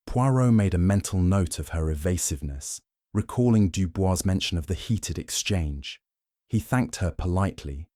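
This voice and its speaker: A man narrating a mystery audiobook in a measured, scripted storytelling style. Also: deep voice, warm tone, dry recording, clean studio sound.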